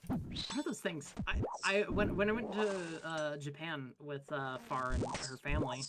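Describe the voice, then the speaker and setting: A guest on a gaming stream with a relaxed Pacific American accent, rambling casually and often restarting sentences. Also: mid-range voice, moderate pace, a crowd in the background. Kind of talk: casual chat while gaming.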